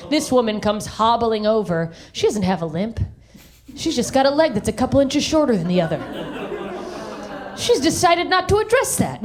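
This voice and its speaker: Brash, profane woman doing stand-up. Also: fairly high pitch. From American South. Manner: brash, profane, animated storytelling. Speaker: stand-up comedian. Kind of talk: stand-up comedy set. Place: theater stage.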